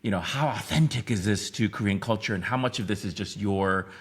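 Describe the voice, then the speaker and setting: Man in his fifties, podcast guest, low voice, gravelly, reflective, rambling. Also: fairly quick. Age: 50s. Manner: reflective, rambling, many restarts. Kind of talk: casual interview talk.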